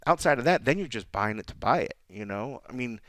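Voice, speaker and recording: A man's voice: mid-range voice, expressive, brisk, fairly bright tone, no room sound. A man co-hosting a podcast, talking casually in rambling sentences and laughing often. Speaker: podcast co-host. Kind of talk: casual chat.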